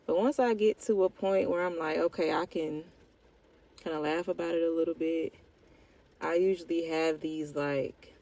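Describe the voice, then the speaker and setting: Young woman vlogger, heartfelt check-in, low and unhurried. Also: warm tone. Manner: slow, reflective and heartfelt, with casual slang. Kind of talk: candid personal check-in.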